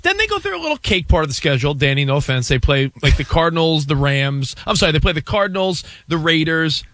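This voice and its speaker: Lively, excitable sports radio man. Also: fairly high pitch, quick pace, dry recording. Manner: animated, jumps between excited bursts and asides. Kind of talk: casual sports talk banter.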